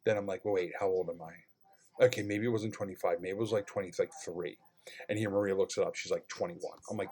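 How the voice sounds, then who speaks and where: Fairly quick and casual, a man recounts an infuriating customer-service experience with plenty of animation. He swears freely and swings between low mutters and loud outbursts.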